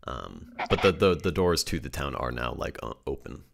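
A man's voice: rumbling low, sing-song, moderate pace, vocal fry. A man narrating as game master, rambling with many fillers and restarts. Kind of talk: improvised tabletop narration.

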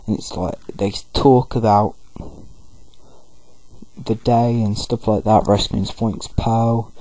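A man's voice: on the low side, steady tone, takes it slowly, warm tone, rough recording. A man giving loose, rambling commentary over a video game playthrough. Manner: rambling, loose, full of fillers. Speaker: gaming video host. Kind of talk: casual let's-play commentary.

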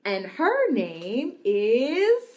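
A young woman teaching small children about singing, talking slowly and brightly, with lots of praise and sung examples. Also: wildly swooping pitch. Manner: warm praising, sings examples, owl hoots and drum booms. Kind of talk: slow, sing-song lesson for small children.

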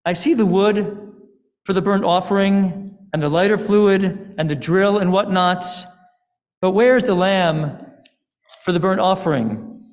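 A man's voice: high-pitched, measured pace, pitched above the performer's own voice. A man voicing innocent young Isaac, who asks questions and pleads. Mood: questioning. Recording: long hall reverb.

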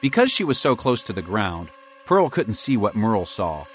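A man narrating a children's audiobook with lively, expressive storytelling. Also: fairly low pitch, moderate pace, slight background noise.

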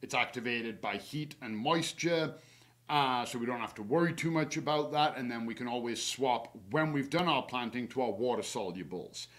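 Man, mid-pitched voice, relaxed and chatty, garden how-to webinar, lots of fillers. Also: normal speed. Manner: chatty and relaxed, many fillers, laughs at himself; gives practical tips from his own yard. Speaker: horticulturist hosting a garden webinar. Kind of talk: casual instructional webinar.

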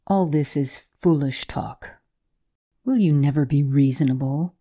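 A woman putting on a domineering old mother, cold and scornful toward her grown son. Her words come slow and low, with a dark, mellow tone and a cutting edge. It reads as a storybook matriarch. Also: slightly rough.

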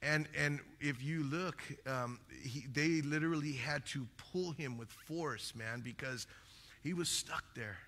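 A man's voice: on the high side, measured pace, few pauses, fairly bright tone. A man preaching a sermon as pastor, earnest and repeating his phrases, often tucking in "man". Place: church hall. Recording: long church reverb.

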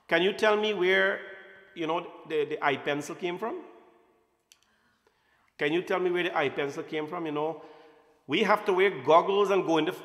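A man's voice: on the high side, a bit bright. A man giving an informal, playful talk at a temple satsang, often quizzing his audience. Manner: playful, asks the audience questions. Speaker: temple speaker. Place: temple hall. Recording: roomy hall echo.

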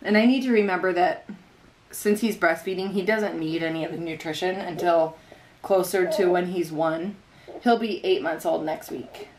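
A woman's voice: lowish voice, normal speed, slight background noise. A young woman vlogging at home with her baby, telling a story in an earnest, heartfelt way and rambling in long run-on sentences. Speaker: mother vlogging about faith. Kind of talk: casual faith vlog.

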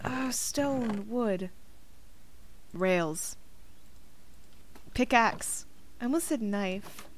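A woman's voice: a little high, extremely slow, long pauses, a little hiss or hum. A woman streaming a game, chatting casually and giggly, thinking aloud as she plays. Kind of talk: casual gaming stream chat.

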